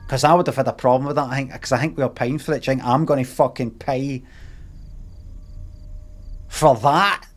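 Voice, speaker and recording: A man's voice: medium pitch, fairly even intonation, brisk, long pauses. A Scottish man on a live stream telling a rambling, heavily sweary anecdote in a casual way.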